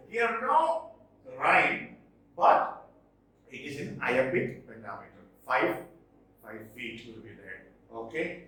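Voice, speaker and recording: A man teaching a literature lesson, repeating key terms slowly and stressing what matters for exams. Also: mid-range voice, big pitch swings, bright, forceful tone. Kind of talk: classroom lecture. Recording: echoey room, voice far from mic.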